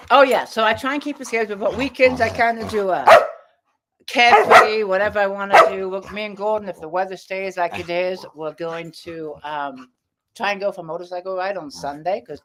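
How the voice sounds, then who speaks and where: A woman's voice: medium pitch, very noisy. A woman author chatting casually with viewers on a live stream, often breaking off to talk to her dog. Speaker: author hosting a live chat.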